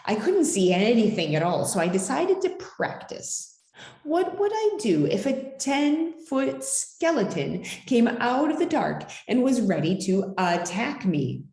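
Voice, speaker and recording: A woman's voice: a little high, very animated, measured pace, darkish tone, echoey room. A woman reading a children's picture book aloud as storyteller, with dramatic, swooping delivery.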